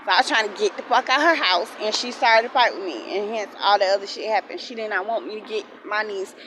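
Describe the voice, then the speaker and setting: A young woman vents in a storytime vlog, swearing freely and circling back over the same points. Her voice sits at an ordinary middle pitch. A faint hum of a vehicle runs behind her. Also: quick pace. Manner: heated, swearing, repetitive. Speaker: vlogger. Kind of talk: angry storytime rant.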